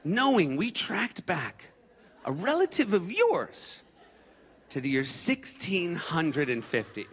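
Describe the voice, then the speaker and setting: A comedian on stage doing an impression of a slow, solemn older male TV genealogy host, drawing out each phrase with dramatic pauses. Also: sits high, wildly swooping pitch, fairly bright tone, in a large hall, a little hiss or hum, heavily acted.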